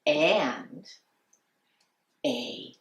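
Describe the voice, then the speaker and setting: Woman, children's story time host; unhurried, sing-song, plays the animal noises; echoey room, mic set back. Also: sits low, big pitch swings. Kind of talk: children's songs and storybook reading. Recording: roomy sound from a distant mic.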